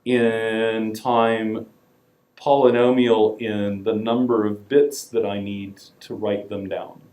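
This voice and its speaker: A man's voice: fairly low pitch, little pitch movement, slow pace, a little mellow. A man giving a university lecture in a casual, wry way, with frequent ums and words he leans on. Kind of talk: classroom lecture. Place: lecture hall. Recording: echoey lecture hall, voice from a distance.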